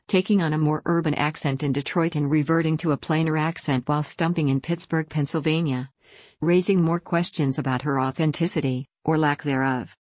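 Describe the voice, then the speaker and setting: A woman reading a scripted news article aloud in an even, measured delivery. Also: low voice, no echo, studio quality. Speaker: news reader.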